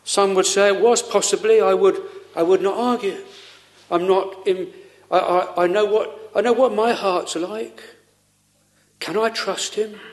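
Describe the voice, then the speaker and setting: A man preaching a sermon in an earnest, pleading way, full of pauses and rhetorical questions. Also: sits high, steady tone.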